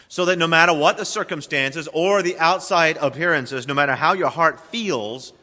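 Male pastor, folksy emphatic preacher, bright tone, recorded in a reverberant church. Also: a little high, animated, moderate pace, hardly any pauses. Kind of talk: sermon.

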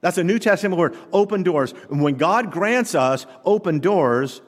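A male pastor delivers an emphatic sermon in a church sanctuary. His fairly high voice rises and falls in wide, animated swings as he poses rhetorical questions. Long reverb trails each phrase through the hall. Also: normal speed.

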